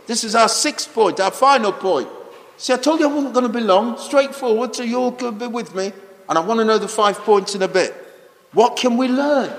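A man preaching a children's sermon, animated and exclaiming, asking the children questions. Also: sits high. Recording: echoey hall.

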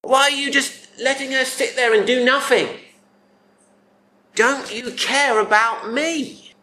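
A man's voice: very high voice, fairly even intonation, pushed and bright, pitched above the performer's own voice, full character voice. A man putting on a bitter, accusing woman. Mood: angry, accusing. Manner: pleading, accusing rant of rapid questions. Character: exasperated woman, overworked hostess, demanding and bitter.

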